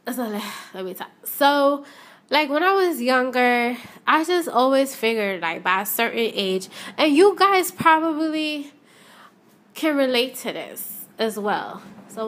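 A young adult woman with a voice pitched a little high chats casually on her own podcast. She talks straight to her listeners and repeats herself for effect, recorded in her shop as she steps in and out. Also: a bit bright. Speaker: podcast host. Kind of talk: casual solo podcast chat. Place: shop, stepping in and out of doors.

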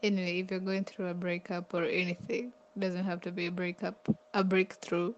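A woman with a Kenyan accent, a podcast co-host who talks in a gentle, comforting way and giggles often. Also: on the low side, flat delivery, a little fast, muffled recording. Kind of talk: casual podcast chat.

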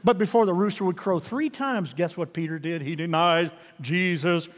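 A man preaching a sermon, animated and swinging from loud declarations to hushed, intimate pleas. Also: high-pitched, moderate pace, big-room sound. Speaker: pastor.

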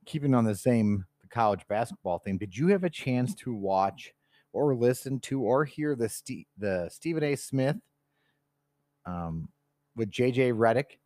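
A man's voice: medium pitch, expressive, unhurried, a little mellow, dry recording. Dry-witted podcast co-host man. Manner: dry, steering the topics. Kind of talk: casual chat. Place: podcast studio.

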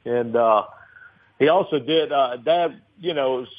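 A man's voice: medium pitch, a little slow. A man in his fifties from New Orleans, a restaurateur telling rambling stories in a casual interview, with many fillers. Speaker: restaurateur guest. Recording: tinny phone line.

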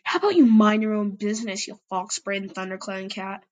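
A woman's voice: medium pitch, steady tone, brisk, natural voice. A woman voicing a hostile male cat clan leader who snarls threats. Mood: snarling. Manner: snarling, aggressive.

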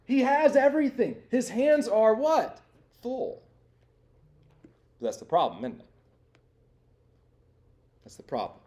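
A man's voice: very high-pitched, huge pitch swings, slow, long pauses, dark tone. A young man giving a conversational, interactive sermon to students, asking them questions and filling with "like" and "right?". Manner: conversational, asks the audience questions, lots of "like" and "right?". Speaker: campus minister.

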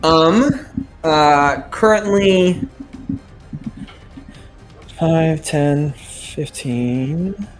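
A man narrating a tabletop game as game master, speaking haltingly with many ums and uhs. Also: a little high, darkish tone.

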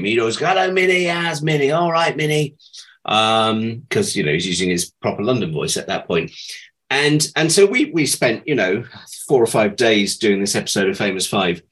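A man's voice: lowish voice, a bit bright, low-quality recording. A middle-aged man, a former child actor, telling amused anecdotes about his acting days in a chatty interview.

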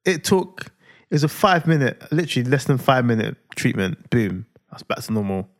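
Young man, podcast co-host, relaxed, quick to chime in, average pitch. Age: young adult. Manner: laid-back, chimes in with short agreements. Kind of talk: casual chat.

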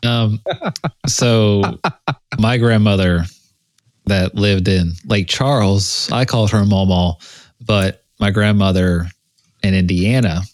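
A man's voice: on the low side, fairly even intonation, slow pace, pauses often, dry recording. A man from the Midwest co-hosting a podcast, chatting casually in a joking, laid-back way and often trailing off while he thinks. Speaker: podcast co-host. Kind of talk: casual chat.

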